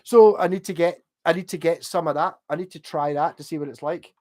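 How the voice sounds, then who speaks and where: A man's voice: on the high side, fairly even intonation, brisk, darkish tone. A man, a bit drunk, rambling casually on a late-night home livestream while reading out chat and laughing often.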